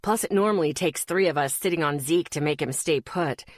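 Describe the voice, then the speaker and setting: A woman's voice: low voice, brisk, no room sound, clean studio sound. A woman voicing an easygoing young man who explains things in a breezy way in an audiobook.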